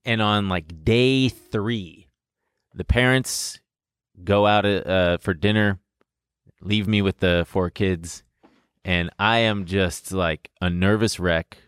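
Rambling low-voiced man telling a story. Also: fairly even intonation, takes it slowly, fairly bright tone, clear, resonant tone, dry recording, studio quality. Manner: rambling, self-mocking, swears freely. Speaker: podcast co-host. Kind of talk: casual storytelling chat.

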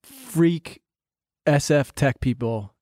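A man from New Jersey co-hosting a casual comedy podcast, with a voice a little higher than most men's. He drops dry, wry asides and bits of trivia. The mic is close and dry. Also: drawn-out words, mellow, no room sound. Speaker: podcast co-host.

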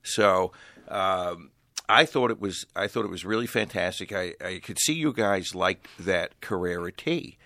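A man in casual podcast chat who talks in a grumpy way, with halting restarts. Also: sits low, bright, forceful tone, dry recording.

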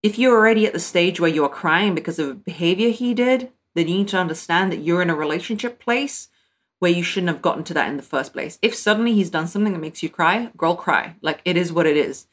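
A woman's voice: lowish voice, expressive, fast. A young woman coaching on relationships, talking bluntly and emphatically and addressing her listeners as "my loves" and "girl". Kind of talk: direct-to-camera advice talk.

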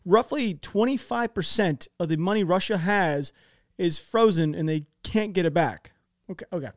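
A man's voice: high-pitched, moderate pace, dry recording, clean studio sound. An American man giving casual, rambling commentary over war maps, talking in a chatty way with many restarts.

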